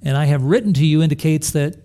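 Speaking quickly in a warm, somewhat high voice, a pastor earnestly questions his congregation throughout his sermon. He thinks aloud, often starting over and repeating words.

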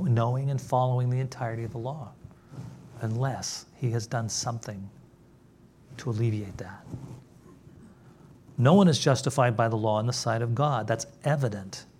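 A man preaching a sermon as pastor, emphatic, dropping low and soft on key words. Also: a little hiss or hum.

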